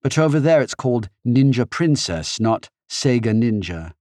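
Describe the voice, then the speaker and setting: A man's voice: mid-range voice, big pitch swings, normal speed, darkish tone, no room sound, clean studio sound, voice pushed up, close to an everyday voice. A man doing a wry young British woman. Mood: teasing. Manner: wry, teasing.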